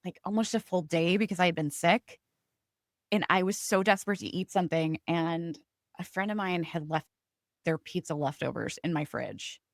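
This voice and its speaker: Woman podcast co-host, giddy and chatty, lower voice, very dry recording. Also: moderate pace, no room sound. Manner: excitable, laughs often. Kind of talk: casual TV recap chat.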